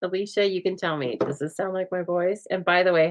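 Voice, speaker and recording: A woman hosting a casual craft demonstration, chatty and often laughing, with a calm, soothing voice and a dry deadpan humor, recorded on a phone. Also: fairly low pitch, fairly quick, low-quality recording. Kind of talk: casual chat during a craft demo.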